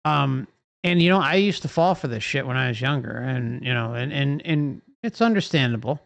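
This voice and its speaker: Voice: mid-range voice, expressive, moderate pace, vocal fry, dry recording, muffled recording. A livestream host delivering an impassioned, profane rant full of rhetorical questions.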